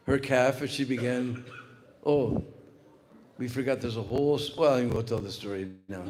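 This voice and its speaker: A man giving a spiritual lecture, telling a story with lots of "uh" fillers. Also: medium pitch. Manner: animated storyteller with many fillers. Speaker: spiritual speaker. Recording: long hall reverb.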